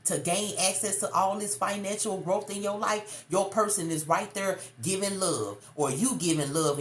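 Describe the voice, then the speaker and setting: A woman doing a casual tarot reading for viewers, slangy and emphatic, calling the listener baby. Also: mid-range voice. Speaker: tarot card reader. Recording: echoey room, faint noise.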